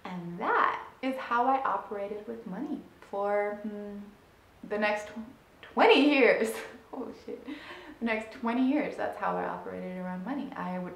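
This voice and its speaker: With a creaky voice and a measured pace, a money mindset coach in her thirties narrates a personal anecdote, animated and often laughing. She climbs high and loud at the big moments, and the space gives a roomy echo.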